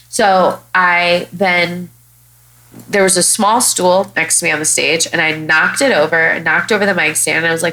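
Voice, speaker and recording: On a rough recording, a woman with a lowish voice speaks at normal speed. She's a young comic from Chicago hosting a podcast, and her casual storytelling is blunt, animated, and full of profanity.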